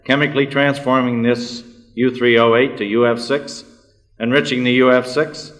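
A man's voice: mid-range voice, flat delivery, a bit bright. Man lecturing in a reverberant hall. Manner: measured, precise, technical. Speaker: speaker giving a technical address. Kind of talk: formal lecture.

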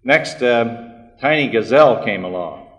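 A man giving a formal technical talk, measured and precise. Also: mid-range voice, animated, a bit bright. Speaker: speaker giving a technical address. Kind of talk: formal lecture. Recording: long hall reverb.

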